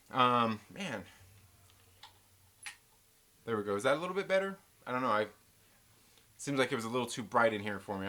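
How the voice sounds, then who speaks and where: A man's voice: medium pitch, bright, forceful tone. A man hosting a casual live stream from home, chatting and reading out viewer messages with a loose, joking manner. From American West Coast. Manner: chatty, reads out viewer messages and jokes around.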